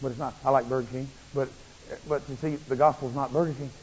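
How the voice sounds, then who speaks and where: A male preacher giving a fervent, repetitive sermon that rises into shouts. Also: medium pitch, steady tone, fast talker. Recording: muffled, long hall reverb.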